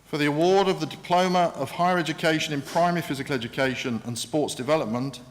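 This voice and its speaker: Formal man announcing graduates in a hall. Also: fairly high pitch. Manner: measured, formal. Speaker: ceremony presenter of graduates. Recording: reverberant hall with noticeable noise.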